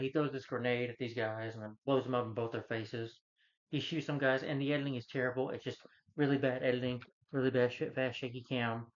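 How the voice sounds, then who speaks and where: A man's voice: mid-range voice, lo-fi sound. A man giving a rambling, casual movie review rant, retelling scenes and acting out the lines. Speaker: film reviewer.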